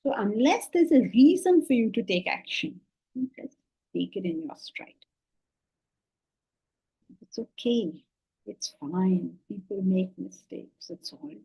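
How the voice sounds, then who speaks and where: Husky-voiced woman teaching scripture. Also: mid-range voice, a little slow, pauses often, low-quality recording. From India. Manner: animated, questioning, teasing the class. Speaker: Vedanta teacher. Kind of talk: spiritual class lecture.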